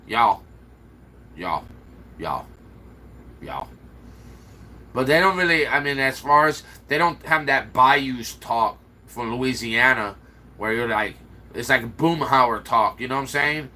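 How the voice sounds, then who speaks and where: A man's voice: mid-range voice, fairly even intonation, unhurried, pushed and bright. A man with a slight Chicago accent, rambling and answering viewer comments aloud in a casual livestream chat. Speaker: livestream host.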